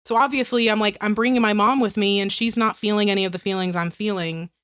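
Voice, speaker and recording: A woman's voice: mid-range voice, fairly even intonation, quick pace, fairly bright tone, clean tone. A woman co-hosting a podcast, telling a story casually and peppering it with "like" and "right?". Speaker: podcast co-host.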